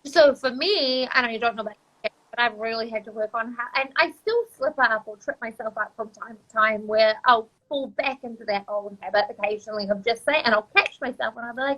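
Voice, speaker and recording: A woman's voice: a little high, brisk, bright, forceful tone, low-quality recording. A woman hosting a casual interview, eager and agreeable as she shares her own view. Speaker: host, nutritionist.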